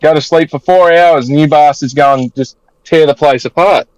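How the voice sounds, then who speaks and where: Australian man, slightly higher voice. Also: normal speed, no echo, dull audio. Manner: blunt, swears casually, jokey. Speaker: podcast panelist. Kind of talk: casual chat.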